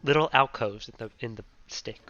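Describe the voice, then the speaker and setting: A man's voice: medium pitch, brisk, pushed and bright. A man playing a tabletop game in casual chat, playful and tentative in his questions, on a muffled lo-fi recording. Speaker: player.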